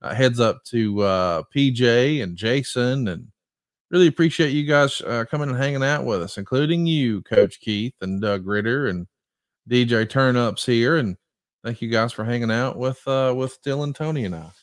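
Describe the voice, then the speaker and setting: A man's voice: medium pitch, normal speed, no room sound. A man with a middling voice hosts a podcast in a loose, chatty way, with plenty of fillers. He thanks listeners and puts questions to a guest. The sound is dry and close. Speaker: podcast host. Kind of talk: casual chat.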